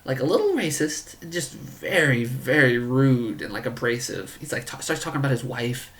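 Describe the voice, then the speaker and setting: A man's voice: medium pitch, big pitch swings, moderate pace, a bit bright. A man telling a comedic story in a rambling, incredulous way, full of filler words.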